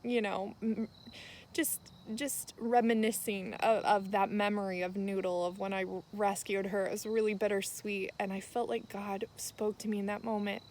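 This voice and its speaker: A young woman speaks on camera in a tearful, heartfelt way, telling a personal story of faith. Her voice sits at an ordinary middle pitch, and she rambles a little with soft fillers and restarts as she reminisces. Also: level tone, moderate pace, slight background noise. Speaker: vlogger. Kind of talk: personal testimony vlog.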